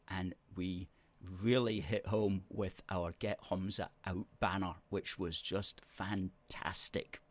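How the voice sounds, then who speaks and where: A man hosting a live stream, reading out viewer comments and answering them with emphatic, repeated words. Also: low voice. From Scotland. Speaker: host.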